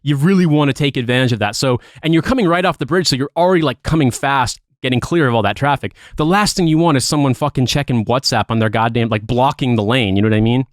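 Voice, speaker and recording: A man tells a story in casual podcast chat. He rants with a lot of profanity and keeps the story animated. His voice sits at a middle pitch and is recorded dry and close. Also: fast talker, hardly any pauses, no echo. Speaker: podcast co-host.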